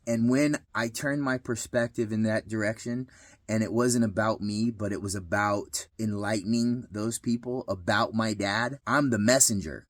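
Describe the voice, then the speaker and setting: Man, 30s, lowish voice, dry close sound, earnest heartfelt storytelling, life advice. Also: no room sound. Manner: earnest, heartfelt, repeats phrases for emphasis. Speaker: vlogger giving life advice. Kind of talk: personal story and advice monologue.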